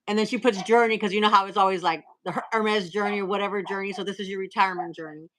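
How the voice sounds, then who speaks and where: A woman hosting a casual live stream, reading out cards and messages in a chatty way with filler pauses. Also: mid-range voice, fairly even intonation, fairly bright tone, slight background noise, low-quality recording.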